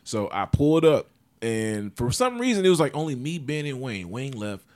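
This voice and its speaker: Animated, profane man telling a story. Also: mid-range voice, normal speed. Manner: animated, profane, acts out quoted voices. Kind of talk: casual storytelling chat.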